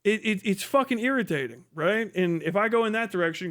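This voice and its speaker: High-voiced man in a profane rant. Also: animated, brisk, fairly bright tone. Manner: profane, heated, ranting. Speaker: livestream host. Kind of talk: livestream rant.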